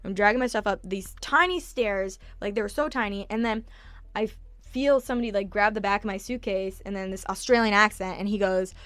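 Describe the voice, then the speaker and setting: A woman's voice: medium pitch, brisk, no room sound. Girl in her 20s ranting thru a travel story, swears a lot, dry close mic. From United States. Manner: animated, profane storytelling. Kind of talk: casual storytelling vlog.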